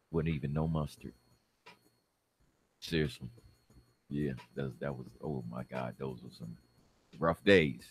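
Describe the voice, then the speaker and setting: A man from the Detroit area telling a personal story in a casual, animated way and acting out the people in it. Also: extremely low pitch, slightly rough, no echo. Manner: animated, acts out the people in his story, laughs.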